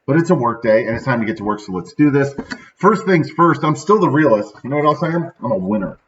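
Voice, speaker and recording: He talks fast and expressively in a medium-pitched, somewhat bright voice. The man, in his thirties and from central Illinois, runs a daily motivational show of casual, upbeat rambling peppered with "right?", captured in slightly dull, lo-fi audio.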